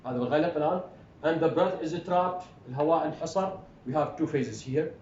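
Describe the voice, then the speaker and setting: A man with an Iraqi Arabic accent, a native Arabic speaker, giving a phonetics lecture, halting with restarts and fillers, then drilling word pairs clearly. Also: a little mellow. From Iraq. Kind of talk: classroom lecture, switching between English and Arabic. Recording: roomy, dull lo-fi recording with faint rumble.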